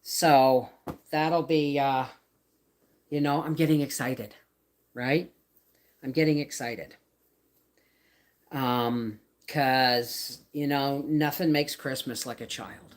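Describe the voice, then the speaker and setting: Deep-ish slow canadian lady rambling on her livestream at home, reading chat out. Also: steady tone. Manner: chatty, rambling, reads and answers chat. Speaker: homestead vlogger hosting a livestream. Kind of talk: casual live-stream chat. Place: home, by the laundry baskets.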